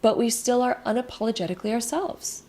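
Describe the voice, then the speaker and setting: A young woman giving a casual spiritual tarot card reading, gentle and rambling with many fillers. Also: fairly high pitch, fast.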